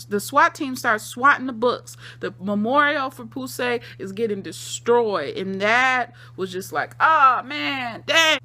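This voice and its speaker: A woman's voice: medium pitch, pushed and bright. A woman casually recapping and reacting to a TV episode, in a slangy, conversational way, with emphatic repeated phrases. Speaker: TV episode reviewer.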